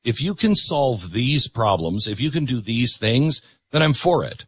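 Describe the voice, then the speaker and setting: A middle-aged man hosts a talk show and argues an opinionated political monologue, hammering points home by repeating words. His pitch swings widely as he talks, his voice has a slightly husky edge, and it sounds dry and close. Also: big pitch swings, measured pace, hardly any pauses, no room sound. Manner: emphatic, repeats words for stress.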